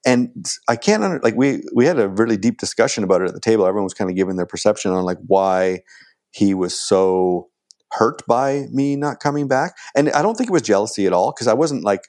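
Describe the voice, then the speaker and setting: A man's voice: on the low side, brisk, darkish tone. A middle-aged man casually telling a long anecdote as a podcast guest, full of "like" and restarts, acting out quoted dialogue in a raised voice. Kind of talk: casual storytelling.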